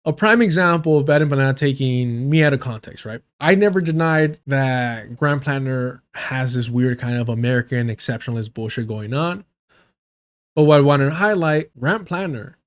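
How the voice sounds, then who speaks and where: A man commenting on a live stream in a heated, sarcastic and profane way. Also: mid-range voice. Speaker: streamer reacting to a debate.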